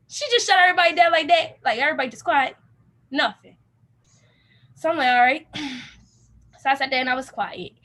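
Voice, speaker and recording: High-voiced young woman telling an animated story. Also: brisk, long pauses. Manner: animated, acts out quoted dialogue with laughs. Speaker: youth program participant. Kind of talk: casual storytelling.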